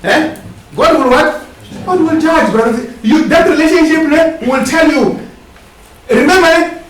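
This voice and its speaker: A man's voice: very high voice, measured pace, fairly bright tone. A man preaching a sermon. He tags his lines with questioning asides and asks the congregation to finish his sentences. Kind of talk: sermon with call-and-response. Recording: echoey hall, distant mic, faint hiss.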